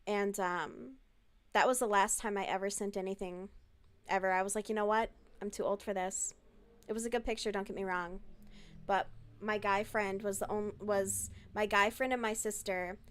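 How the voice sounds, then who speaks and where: A woman's voice: medium pitch, fairly even intonation, normal speed, smooth. A woman talking in a casual, chatty way on a live stream, answering chat messages and swearing freely.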